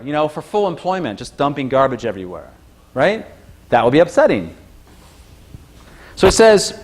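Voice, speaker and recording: Animated man lecturing a class. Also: brisk. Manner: chatty, animated, acts out quoted voices with sudden high-pitched exclamations. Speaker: university lecturer.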